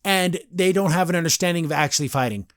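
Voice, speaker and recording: A man's voice: high voice, fast talker, a bit bright, dry recording, studio quality. A man hosting a podcast, recapping a cartoon episode in a rambling, casual way with many fillers and restarts. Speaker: podcast host.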